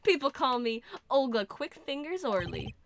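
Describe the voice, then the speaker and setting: A woman's voice: high-pitched, very animated, normal speed, a little hiss or hum, pitched above the performer's own voice. Olga, a woman reading a cocky female swindler. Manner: cocky, tough-talking. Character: brash female professional swindler, confident.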